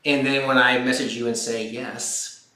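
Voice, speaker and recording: A man with an American accent ranting in casual livestream chat, profane and animated, acting out mocking voices. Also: medium pitch, normal speed. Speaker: livestream co-host. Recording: echoey room with faint noise.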